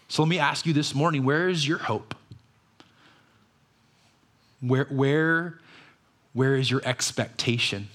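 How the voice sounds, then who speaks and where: A man's voice: medium pitch, takes it slowly, long pauses, fairly bright tone. A man, a pastor, preaching a conversational sermon full of rhetorical questions.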